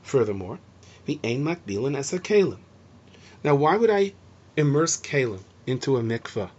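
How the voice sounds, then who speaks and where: Husky bright-voiced guy teaching mishnah, muffled lo-fi audio. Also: mid-range voice, moderate pace. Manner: animated, acts out shouting and gentle speech. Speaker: Torah teacher. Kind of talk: explaining Mishnah to students. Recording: dull lo-fi recording.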